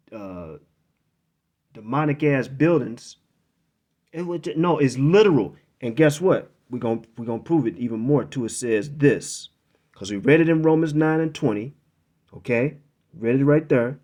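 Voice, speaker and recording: A male preacher with a fairly high voice delivers a sermon and reads scripture aloud. He talks haltingly, repeats himself, fills pauses and drops in profane asides. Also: a little mellow.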